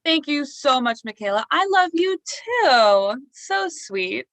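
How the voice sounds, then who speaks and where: A woman from New Jersey opening a stand-up comedy set with an unhurried, deadpan delivery. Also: high voice, no room sound.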